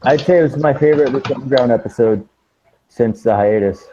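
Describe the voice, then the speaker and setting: Excitable male co-host, dull call audio. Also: mid-range voice, fairly quick, a little hiss or hum. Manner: excitable, distracted fan talk. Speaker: podcast co-host. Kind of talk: casual podcast chat.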